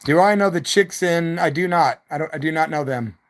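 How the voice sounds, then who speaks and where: A man's voice: on the high side, fairly quick. A middle-aged man, a rock musician, rambling through stories on his evening live stream with loose slang and the odd hoot.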